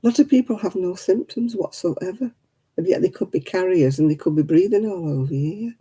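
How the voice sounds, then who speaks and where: A tired woman hosting a casual livestream and chatting away to her viewers. Her voice is very dark and mellow, with a husky, breathy edge. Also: fairly low pitch, lively intonation, fairly quick. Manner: chatty, talks to viewers by name. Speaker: livestream host.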